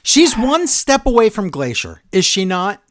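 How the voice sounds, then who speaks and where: A man with a slightly high voice runs through wrestling results with dry sarcasm and open exasperation. The sound is close and dead, with no room around it. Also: big pitch swings, measured pace, fairly bright tone, dry recording. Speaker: podcast co-host. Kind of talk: casual wrestling recap chat.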